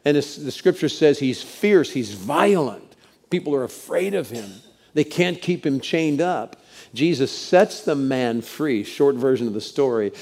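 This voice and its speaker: A man preaching a sermon, expressive, sometimes dropping to a hushed, soft voice. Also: medium pitch, a little slow. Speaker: pastor.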